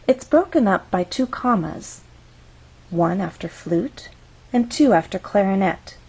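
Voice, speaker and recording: Woman, pronunciation teacher, unhurried, slightly husky, deliberate demonstrations. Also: mid-range voice, a little mellow, rough recording. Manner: deliberate, demonstrating intonation patterns. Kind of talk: slow, careful instructional explanation.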